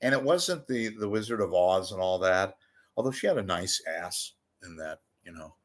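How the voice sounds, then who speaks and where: Low-sitting and lively in intonation, this man's voice moves at a moderate pace as he vlogs commentary into the camera. Behind him in the home room is a TV monitor; his talk is jokey and wandering, laced with swearing and outbursts of silly voices.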